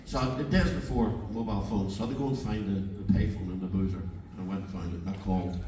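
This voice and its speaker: A man in his sixties telling a swearing, lively anecdote from a stage, acting out the people in it. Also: low voice, fast, a little hiss or hum. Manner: swearing, animated storyteller acting out quoted dialogue. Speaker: performing musician on stage. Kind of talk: stage anecdote between songs. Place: live music venue, on stage. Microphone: fan camera far from the stage. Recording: echoey distant live-gig audience recording. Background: crowd and room ambience.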